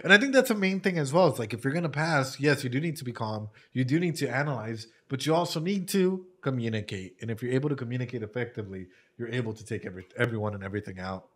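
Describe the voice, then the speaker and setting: A man's voice: mid-range voice, expressive, fast talker, hardly any pauses, fairly bright tone. A man reacting to a show in casual commentary, laughing often, swearing freely and emotional as he tells a heartfelt story. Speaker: anime reaction host.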